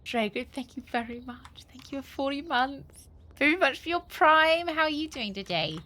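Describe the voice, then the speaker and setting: A woman's voice: high voice, expressive, normal speed, bright, forceful tone. A woman streamer giving casual gameplay commentary, playful and sarcastic as she chats with viewers.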